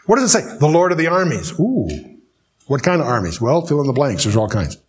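Man teaching scripture, fairly high voice. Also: very animated. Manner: reads scripture slowly, then explains in dry joking asides. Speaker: Bible teacher. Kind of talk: verse-by-verse Bible teaching.

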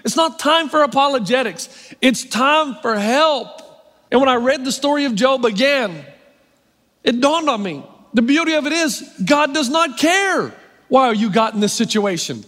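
A middle-aged man preaching a sermon as pastor, wry and self-mocking, shifting into animated preaching. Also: extremely high pitch, moderate pace. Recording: long hall reverb.

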